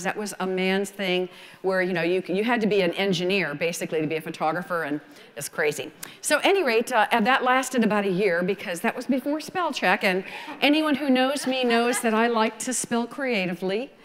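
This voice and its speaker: A woman in her sixties with a Southern American accent, telling her story at a photography conference in a folksy, animated way. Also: medium pitch, brisk, long reverb tail. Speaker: photography speaker. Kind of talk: conference talk.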